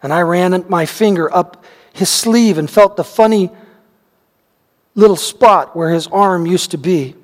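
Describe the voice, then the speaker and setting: An elderly farm woman tells a childhood memory in a gentle, homely way, as a preacher reads her words aloud. The voice sits rather high, and a long hall reverb trails after each phrase. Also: unhurried. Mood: tender recollection.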